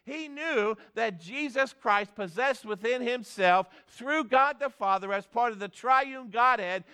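A male pastor preaching a sermon in a church, emphatic, swinging between loud and soft delivery. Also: very high-pitched, clean tone.

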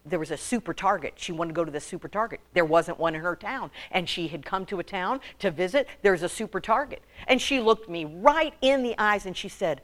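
A woman preaches with humor to a women's group, her pitch swinging lively up and down. She jokes and calls on the audience to answer her questions. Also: fairly quick, few pauses. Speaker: women's ministry speaker.

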